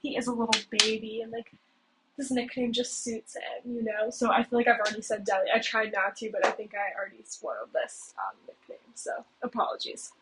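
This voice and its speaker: A young woman talks through a story in a chatty, casual way, filling her sentences with "like" and "okay?". Her voice sits a little high. The cheap home mic adds steady hiss and small clicks. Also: brisk. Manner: chatty, heavy use of "like" and "okay?". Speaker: video host. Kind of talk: casual plot recap. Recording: noisy low-quality home mic with clicks.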